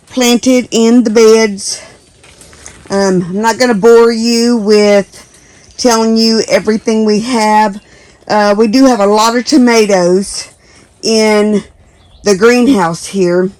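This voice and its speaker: Slow-talking homesteading woman, many ums. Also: on the high side, a little mellow, dry recording. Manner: unhurried, many ums and uhs. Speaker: homesteading vlogger. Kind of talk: casual garden vlog. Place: outdoor garden.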